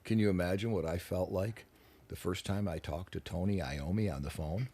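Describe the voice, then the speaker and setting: A man, a rock musician telling stories as a guest in a radio studio interview, animated and profane, acting out the people he quotes. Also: low-pitched, normal speed, slightly rough. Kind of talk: casual radio interview storytelling.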